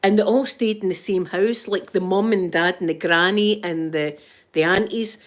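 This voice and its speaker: A middle-aged woman from Scotland hosts a livestream, chatting casually and reading live comments as she tells stories full of restarts and laughter. Her voice is medium-pitched and steady, at a moderate pace.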